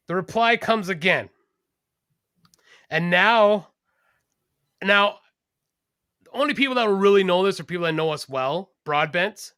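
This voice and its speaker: A man hosting a podcast, telling a story with lots of cursing and animated energy. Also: high-pitched, measured pace, long pauses, no echo, studio quality. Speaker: podcast host, garbage collector. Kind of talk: casual podcast chat.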